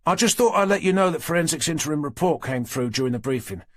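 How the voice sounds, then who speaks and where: A man doing a high, eager young constable. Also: animated, fast talker, no echo, clean studio sound, lightly acted. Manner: eager, flustered, apologetic. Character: eager awkward young male detective constable. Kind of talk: audiobook character reading.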